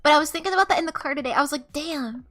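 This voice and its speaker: Very high, bright-voiced young woman streamer. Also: racing, soft background music. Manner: animated, laughs often, swears casually. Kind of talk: casual storytelling to chat.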